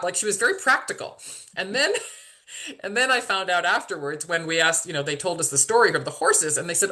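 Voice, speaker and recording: A woman's voice: lowish voice, animated, a little fast, sharp tone. Hesitant, emotional woman telling her story. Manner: hesitant, repeats words, many fillers and restarts; openly emotional, vulnerable. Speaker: podcast guest.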